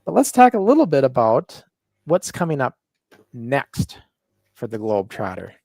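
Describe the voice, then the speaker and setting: A man's voice: medium pitch, huge pitch swings, moderate pace, vocal fry, a little mellow, no echo. A man from the northern US co-hosting a wrestling podcast, boastful and teasing, rambling with fillers. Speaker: podcast co-host. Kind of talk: casual podcast banter.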